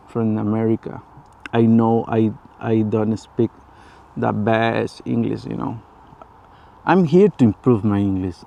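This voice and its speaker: Man talking in halting English. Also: medium pitch, vocal fry, warm tone, highs cut off. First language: Spanish. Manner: halting learner's English, frequent restarts and repetitions, laughs often. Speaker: vlogger. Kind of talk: casual personal talk to camera.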